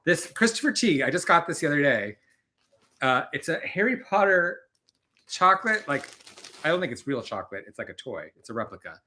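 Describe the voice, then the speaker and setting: A man's voice: a little high, very animated, brisk, sharp tone. A man hosting a casual live stream, chatting and rambling, laughing often as he talks.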